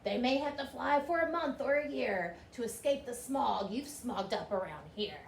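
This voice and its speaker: A woman's voice: animated, moderate pace, creaky, recorded from a distance. A woman voicing a small, grumpy male forest creature who scolds and coughs, in a storybook reading. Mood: scolding. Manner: scolding, high and loud, coughing. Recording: roomy with faint hiss.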